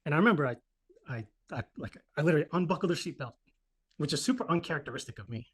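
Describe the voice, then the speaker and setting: A man in his thirties telling a personal story in casual podcast chat, profane and animated, acting out the voices of people in it. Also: on the high side, racing, breathy edge.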